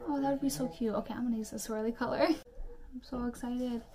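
A woman's voice: fairly high pitch, steady tone, a loud crowd. Chatty young woman ranting while doing makeup. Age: young adult. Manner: chatty, rambling, quick asides and mock-outraged rants. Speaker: beauty vlogger. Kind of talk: chatty makeup tutorial rant.

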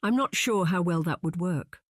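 A wistful young noblewoman pining for a lost love, read by an audiobook narrator. She speaks in hushed, tired tones, close and dry, with a mid-range voice. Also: medium pitch, moderate pace, no room sound, voice pushed up, lightly acted. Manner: hushed, resigned delivery. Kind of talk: audiobook character reading.

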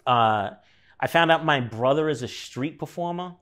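A man's voice: fairly high pitch, moderate pace, a bit bright. A man in his thirties telling a personal story in a loose, rambling way, with lots of fillers and swearing. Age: 30s. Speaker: artist guest. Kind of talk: casual storytelling conversation.

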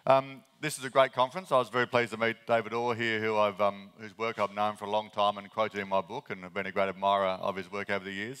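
A man in his fifties with an Australian accent gives a conference talk. His voice is deep and smooth, and he speaks quickly and earnestly, with plenty of ums and restarts along the way. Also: a bit bright, big-room sound. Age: 50s. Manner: fast-talking, earnest, many ums and restarts.

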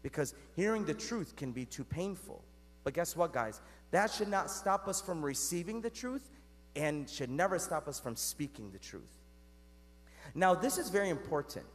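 A man's voice: on the high side, big pitch swings, normal speed. A man giving a Catholic sermon in a conversational way, talking straight to the congregation and asking them questions. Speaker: Catholic priest. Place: church. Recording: long church reverb.

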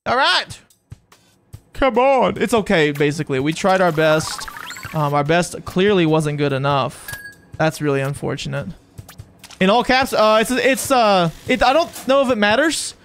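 A game streamer giving excitable, chatty live commentary on a match and talking to viewers in chat. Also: medium pitch, measured pace. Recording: game music playing behind the voice.

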